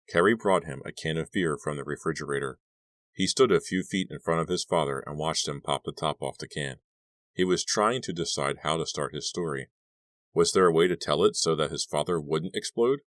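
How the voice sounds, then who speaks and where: An audiobook narrator with a very deep, low male voice reads a novel in a steady, measured manner. His scripted narration is recorded close and dry, with no room sound.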